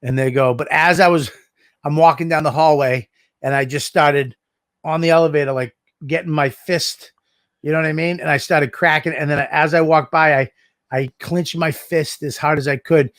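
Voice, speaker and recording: Man, casual podcast co-host, animated storyteller, swears often, slightly high voice, dry close sound. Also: normal speed, dry recording. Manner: animated storyteller, swears a lot, acts out dialogue. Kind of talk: casual chat.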